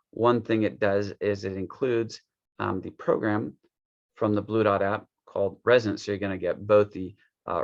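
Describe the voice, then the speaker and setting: A man with a fairly low, gravelly voice talks loosely through a wellness gadget walkthrough. He fills the gaps with "um"s and restarts, as if he is making it up as he goes. The recording sounds somewhat dull and lo-fi. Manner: rambling, loose, with many fillers and restarts. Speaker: wellness device demonstrator. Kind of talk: casual unscripted product walkthrough.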